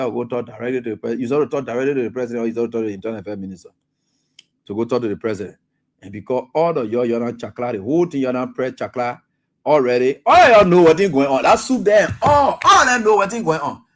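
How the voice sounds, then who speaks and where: A man with a Liberian English accent hosting live talk radio, scolding and animated, stumbling over fillers as he reads a statement aloud. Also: mid-range voice, racing. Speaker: radio talk show host.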